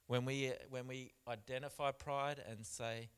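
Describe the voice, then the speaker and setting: A man preaching a sermon in church, stressing points with repeats and swinging between loud and soft. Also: medium pitch, flat delivery, measured pace, clear, resonant tone. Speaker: pastor.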